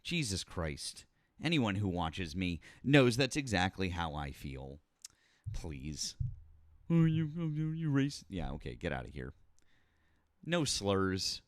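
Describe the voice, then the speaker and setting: A man's voice: sits low, big pitch swings, takes it slowly, dry recording, clean studio sound. A man hosting a live call-in politics stream, arguing with callers in a blunt, sarcastic and profane way, then reading viewer messages. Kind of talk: heated live call-in debate.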